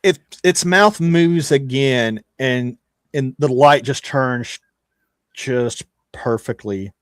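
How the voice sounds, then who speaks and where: A man's voice: medium pitch, slow, no room sound. Guy running a tabletop game, casual and rambling, dry close sound. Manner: casual, rambling, with frequent restarts. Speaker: game master.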